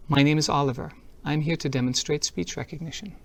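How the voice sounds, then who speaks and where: A man's voice: a little high, fairly even intonation, fast, gravelly. A man giving a product demo talk at a tech conference. He is upbeat and explains each step as he shows it. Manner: upbeat, explanatory, walks through steps as he shows them.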